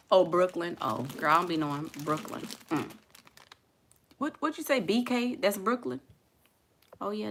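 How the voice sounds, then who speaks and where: A woman's voice: mid-range voice, sharp tone. A young woman with a Southern accent from Houston, chatting casually and bluntly with her viewers, laughing and reacting to their comments. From Houston, Texas. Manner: blunt, laughing, talks back to chat. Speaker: vlogger reading live comments. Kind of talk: casual chat.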